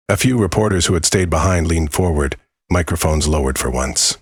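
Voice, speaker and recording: A man giving a measured, solemn scripted narration of a dramatic story. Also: low voice, expressive, breathy edge, dry recording, studio quality.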